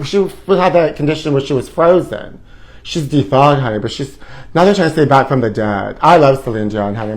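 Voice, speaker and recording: A flamboyant man dishes on the week's tabloid gossip in a campy, sassy voice that sits a touch high for a man. He calls everyone honey, trades quick asides, and now and then slips into a line of song. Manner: breaks into short bits of song. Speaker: host. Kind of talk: campy live gossip commentary.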